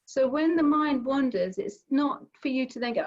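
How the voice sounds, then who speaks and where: A middle-aged woman gently guiding a mindfulness session over a video call, explaining with everyday examples. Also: sits high, animated, moderate pace, few pauses. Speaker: mindfulness teacher. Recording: slightly dull video call audio.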